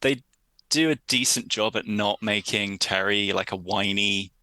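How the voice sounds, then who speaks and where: A man's voice: fairly low pitch, unhurried, pushed and bright, no echo. A man chatting casually as a podcast regular, stumbling and repeating words as he starts his thoughts. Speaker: podcast regular, merch expert.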